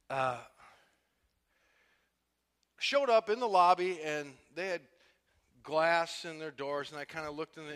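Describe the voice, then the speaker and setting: Preacher, male, high bright voice, impassioned testimony in a reverberant hall. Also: smooth. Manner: storytelling testimony, swings from quiet to loud and impassioned. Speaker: pastor. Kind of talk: sermon.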